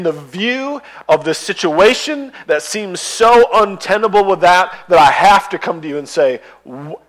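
A male pastor preaching a sermon. He reads scripture aloud between his remarks and builds to loud, impassioned pleading. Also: sits high, lively intonation, unhurried, few pauses, poor audio.

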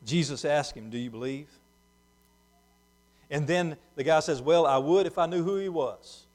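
A man preaching a sermon, moving between hushed, slow passages and loud, emphatic ones. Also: a little high.

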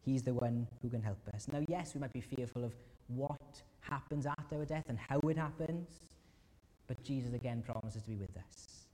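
Preacher with a mellow voice in a hall. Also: male voice, normal speed. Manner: earnest, acts out anguished prayers with rising pitch. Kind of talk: sermon. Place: church hall. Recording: long reverb of a church hall.

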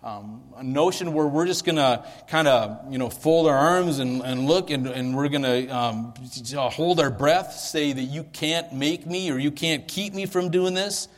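Playful preacher with a Midwestern lilt. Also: male voice, on the high side, measured pace, few pauses. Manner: playful, energetic, leads audience participation. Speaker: pastor. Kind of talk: sermon. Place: large hall, church sanctuary. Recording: long hall reverb.

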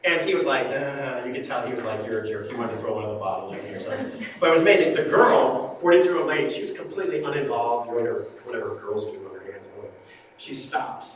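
A man's voice: medium pitch, animated, quick pace. A man preaching a sermon, earnestly pleading and acting out conversations in a story. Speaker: pastor. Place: church hall. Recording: echoey hall, distant mic, noisy ambience.

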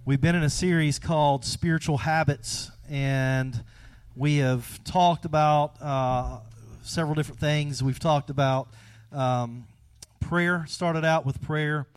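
A pastor preaching a relaxed, folksy sermon, chatting with the congregation before building to animated emphasis. His voice sits a little high for a man. The sound is dry, with little room echo. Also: takes it slowly, clean tone. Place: church sanctuary.

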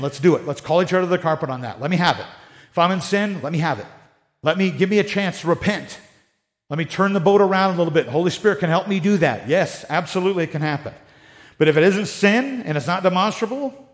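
An American man preaching a sermon in a conversational way, with sarcastic asides. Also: high-pitched. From United States. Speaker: pastor.

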